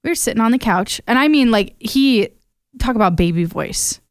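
Young female radio co-host, chatty storyteller, smooth clear voice, dry studio sound. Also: a little high, moderate pace, no echo. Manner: chatty storyteller, animated retelling. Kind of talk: casual radio chat.

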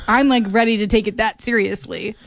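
A woman co-hosting an afternoon radio show, with a voice that sits a little high. She is chatty and laughs often as she tells a story. The sound is close and dry. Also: steady tone, normal speed, dry recording. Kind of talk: casual on-air radio chat.

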